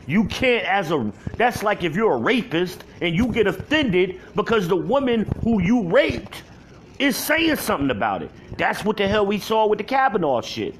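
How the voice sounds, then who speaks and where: A man shouts an angry rant into his camera alone at home, profane and heated. His voice sits fairly high, and a faint hiss runs under the recording. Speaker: vlogger.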